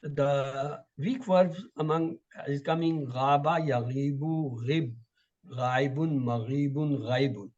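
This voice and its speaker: A man teaching an online class, reciting word lists in steady drills. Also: medium pitch, slow, dull audio. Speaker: Quran and Arabic teacher.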